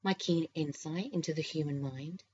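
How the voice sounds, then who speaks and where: A playful young career woman with a teasing wit, voiced by a woman narrating a romance audiobook. Her voice sits low, and she tosses off quick, teasing comebacks. The recording is a little dull and lo-fi. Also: slight background noise, close to an everyday voice. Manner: teasing, lively, quick retorts.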